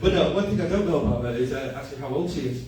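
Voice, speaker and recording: A man's voice: mid-range voice, lively intonation, very fast, crowd noise. A male comedian performing a stand-up set at a cafe comedy night, self-deprecating and often laughing at his own lines. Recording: echoey room, far mic, noisy.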